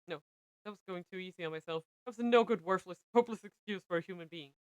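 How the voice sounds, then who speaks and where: A young woman streaming, reading a visual novel aloud with expressive narration. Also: fairly low pitch, fast, clean tone, dry recording, rough recording. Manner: expressive narration, breaks into laughter.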